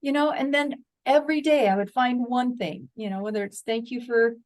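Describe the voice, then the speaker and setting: An older woman with a fairly high voice talks with earnest warmth about pushing through hard times. Her delivery is folksy and encouraging, and she sometimes plays out her own inner back-and-forth in quoted lines. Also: brisk. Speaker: guest. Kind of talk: interview conversation.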